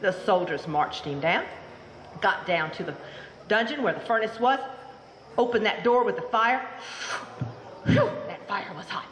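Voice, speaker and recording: A woman storyteller telling a folk tale live, animated and theatrical, inviting the audience to join in. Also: medium pitch, moderate pace, long pauses. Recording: roomy hall with long echo, faint room noise.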